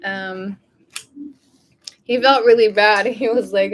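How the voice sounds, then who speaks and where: A woman vlogger in a casual diary vlog, tired and low on energy, rambling with lots of fillers and speaking openly about her feelings. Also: takes it slowly, long pauses, slight background noise. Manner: openly emotional, confiding.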